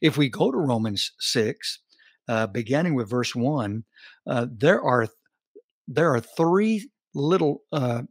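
Slow, deliberate male Bible teacher. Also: medium pitch, animated, slightly rough, no echo, clean studio sound. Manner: slow, deliberate, emphatic scripture reading. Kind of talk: podcast Bible study.

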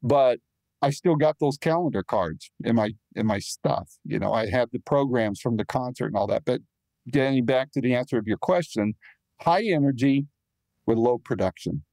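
A male interview host chatting casually and relaxed, with everyday fillers. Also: mid-range voice, normal speed, dry recording, rough recording.

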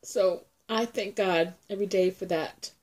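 A woman's voice: mid-range voice, unhurried, darkish tone. A woman unboxing nail art mail for her viewers, chatty and heartfelt, with a grandchild, calling her audience ladies and getting teary. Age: older. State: tearful. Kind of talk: casual unboxing vlog.

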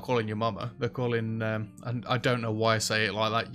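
A man giving casual, chatty commentary as he plays a restaurant sim, reacting loudly to what happens in the game. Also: on the low side, flat delivery, brisk, hardly any pauses. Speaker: let's play host. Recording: faint background music.

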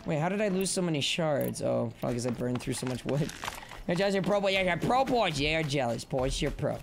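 A playful man streaming his gameplay, swinging from low mumbles up to loud yelps as he chants silly bits and yells at the enemies on screen. Bright game music plays clearly behind him. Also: expressive, fast talker. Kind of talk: live-stream gameplay commentary.

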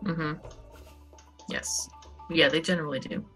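A woman's voice: sits low, fairly even intonation, unhurried, a bit bright, faint music behind. A woman co-playing a farming game, chatting casually, explaining things and laughing often. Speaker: co-op gaming guest. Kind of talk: casual let's-play chat.

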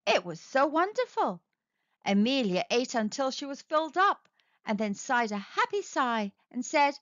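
A woman narrating a read-aloud storybook for children, sing-song and expressive as she talks straight to kids. Her voice is high and swoops widely at an unhurried pace. The recording is dry and a bit dull. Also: no echo.

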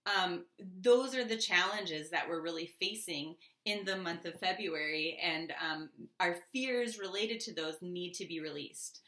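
A chatty tarot reader gives a casual reading in a bright, forward, medium-pitched voice. Her talk is loose, packed with "um," "like," and asides, and the recording sounds echoey, as if in a resonant room.

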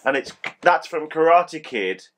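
A man's voice: a little high, lively intonation, measured pace, a bit bright. A middle-aged man in casual chat as co-host, rambling and teasing, with a slight cold.

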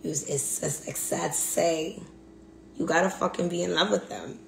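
A woman's voice: on the low side, moderate pace, gravelly. A woman venting in a blunt, profane monologue, repeating herself for emphasis. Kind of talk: angry monologue rant. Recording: echoey room, faint background hum.

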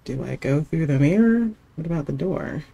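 A woman's voice: deep voice, expressive, moderate pace, vocal fry, warm tone, breathy edge. A woman hosting a casual game commentary from home, jittery and dropping to nervous whispers as she plays. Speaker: gaming channel host.

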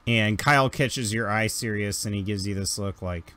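A man narrating a tabletop game as game master, joking often and slipping into quick character voices. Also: lowish voice, pushed and bright.

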